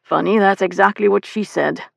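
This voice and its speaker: A woman's voice: medium pitch, normal speed, vocal fry, dry recording. Woman voicing an understated, wry sea captain. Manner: calm, dry and understated.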